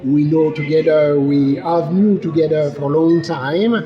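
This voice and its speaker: A man with a French accent speaking halting English with many fillers in a casual interview. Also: fairly high pitch, steady tone. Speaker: winemaker. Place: busy wine tasting room. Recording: dull lo-fi sound.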